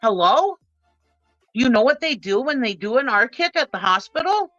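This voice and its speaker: A woman's voice: on the high side, animated, fairly quick, fairly bright tone, no echo, soft background music. Middle-aged woman, impassioned panel guest, dry and lo-fi. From Minnesota. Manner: impassioned, ranting. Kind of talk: livestream panel chat.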